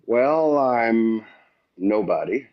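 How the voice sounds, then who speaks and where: Slow-talking man on a muffled call. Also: medium pitch. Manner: slow, measured, calm. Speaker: caller. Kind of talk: casual debate. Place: lives in Central America.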